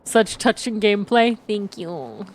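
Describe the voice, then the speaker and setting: A woman's voice: mid-range voice, sing-song, measured pace, a little mellow, slight background noise. A woman streamer giving casual gameplay commentary, playful and self-mocking, swearing freely.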